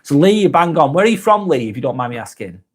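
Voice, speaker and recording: A man with a Lancashire accent, hosting a casual live vlog and reading viewers' comments aloud, then answering them in a softer, lower voice. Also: big pitch swings, quick pace, slightly rough. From Darwen, near Blackburn, northern England. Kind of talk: casual live-stream chat.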